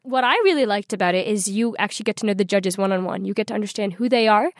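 A woman's voice: mid-range voice, quick pace, dry recording, clean studio sound. A woman in her twenties, a radio guest telling a story in a bubbly manner, laughing often. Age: 20s. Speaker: interview guest. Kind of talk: storytelling interview.

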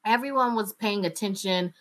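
A woman in her thirties from North Carolina, speaking with a North Carolina Southern accent. Her voice is bright and forward, and she talks candidly and with animation, laughing often as she answers interview questions. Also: medium pitch, moderate pace. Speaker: radio journalist. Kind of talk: interview conversation.

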